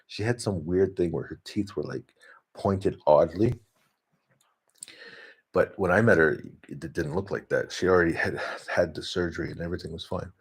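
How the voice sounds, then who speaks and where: A vlogger with a low, breathy-edged voice talks at normal speed at home, addressing his dog. His monologue is rambling and casual, full of laughter and restarted sentences.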